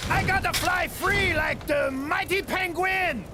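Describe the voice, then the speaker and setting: A man's voice: extremely high pitch, a little slow, raised voice, background noise. A man voicing a cocky fugitive who mangles idioms, in an adult cartoon. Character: cocky French-speaking man on the run.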